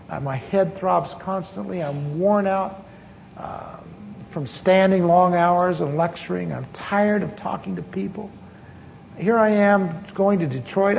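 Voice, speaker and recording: A man's voice: high-pitched, gravelly, slight background noise. A middle-aged man preaching a personal testimony, candid and storytelling, with wry asides. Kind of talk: testimony sermon. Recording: dull archive recording with long hall reverb.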